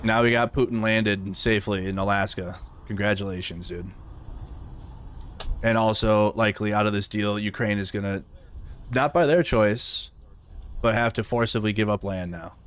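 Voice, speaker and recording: A man's voice: on the low side, steady tone, normal speed, a bit bright, slight background noise. A man hosting a live news commentary stream, talking bluntly and with profanity. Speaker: livestream news host.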